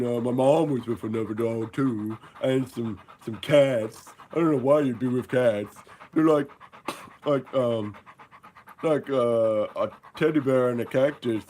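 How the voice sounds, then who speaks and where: A man voicing his young male pet dog, who talks slowly and rambles about missing his dad. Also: medium pitch, warm tone, slight background noise, natural voice.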